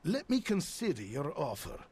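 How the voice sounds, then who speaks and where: A man's voice: on the high side, huge pitch swings, moderate pace, darkish tone, husky, heavily acted. An actor playing a sly, greedy male merchant with a dry, mocking way of talking, in a video game. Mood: sardonic. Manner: dry, mocking, self-serving. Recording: game audio with music under the lines.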